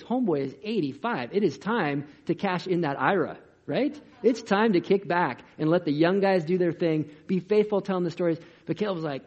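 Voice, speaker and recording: A man preaching a sermon as a pastor, in an energetic, conversational way with rhetorical questions, in a dull lo-fi recording. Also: fairly high pitch, slightly rough.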